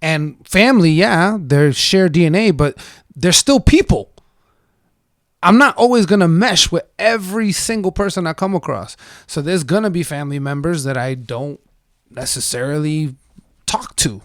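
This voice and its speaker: Podcast co-host, man, fairly high voice, loose rambling storyteller, dry close mic. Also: normal speed, no echo. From United States. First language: English. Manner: relaxed, rambling storyteller with restarts. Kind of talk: casual chat.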